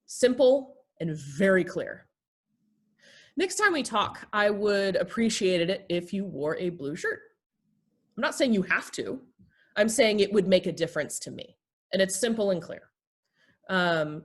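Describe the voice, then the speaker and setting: A woman therapist and pastor teaching basic communication skills in a relaxed talk, acting out short everyday examples. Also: lowish voice, husky. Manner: explains with acted everyday examples.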